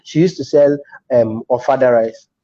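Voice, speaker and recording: A man with a Nigerian accent, a comedian chatting as a guest and telling stories with animated restarts. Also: mid-range voice, normal speed, muffled recording. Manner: animated storytelling with frequent restarts. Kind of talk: casual interview chat.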